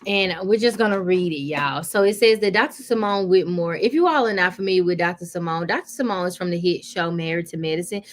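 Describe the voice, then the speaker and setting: A woman's voice: lowish voice, fast talker, hardly any pauses, a little hiss or hum. A woman hosting a live celebrity gossip stream, chatting casually and calling her viewers y'all, with plenty of fillers.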